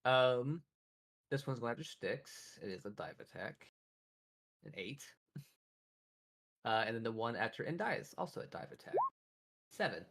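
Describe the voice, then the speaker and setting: Gravelly man running a tabletop game. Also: medium pitch, expressive, normal speed, long pauses, a bit bright, a little hiss or hum. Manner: laughing, loose and chatty. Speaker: game master.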